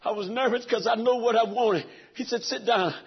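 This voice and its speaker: A high-pitched, husky man preaching with raw feeling, his voice falling low and then breaking into shouts. The recording is dull and lo-fi, and he sounds middle-aged. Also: fairly quick. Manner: emotional storytelling, swings from hushed to shouting. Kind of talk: sermon.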